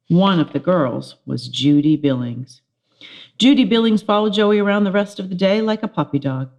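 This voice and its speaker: A middle-aged woman, a teacher, reading a children's chapter book aloud, telling it with lively expression. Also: on the low side, moderate pace. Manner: expressive storytelling with character voices.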